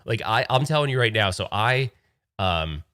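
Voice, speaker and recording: A man's voice: lowish voice, expressive, moderate pace, sharp tone. A man from Rhode Island hosting a casual livestream chat, telling rambling, digressive stories. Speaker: host.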